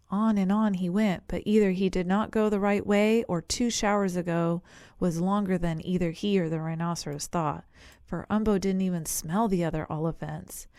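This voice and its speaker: A woman narrating an animal storybook in a gentle, clear reading voice. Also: medium pitch, dry recording, studio quality. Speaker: audiobook narrator.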